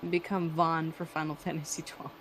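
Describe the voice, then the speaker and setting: A woman's voice: low voice, flat delivery, brisk, slight background noise, rough recording. A young adult woman chatting casually during an art stream, laughing often and teasing playfully. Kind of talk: casual chat while drawing on stream.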